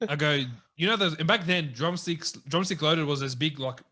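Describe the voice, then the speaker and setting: A young Australian man hosts a casual chat with a bright, forceful voice pitched a little high. He rambles through his stories and laughs often. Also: moderate pace. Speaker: podcast host.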